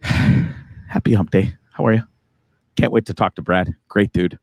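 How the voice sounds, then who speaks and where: A man hosting a live online talk show in a relaxed, chatty way, sighing now and then. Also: deep voice, unhurried, no echo. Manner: laid-back, chatty, sighing. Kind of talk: casual live-show chat.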